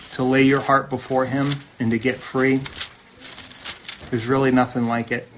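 A man's voice: mid-range voice, level tone, moderate pace, long pauses, a little hiss or hum. A man preaching a sermon in an earnest, conversational way, often asking his listeners rhetorical questions. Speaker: pastor.

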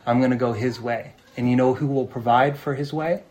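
A man's voice: mid-range voice, steady tone, fairly quick, darkish tone, slight background noise. A man preaching a sermon in an earnest, conversational way, often asking his listeners rhetorical questions. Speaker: pastor.

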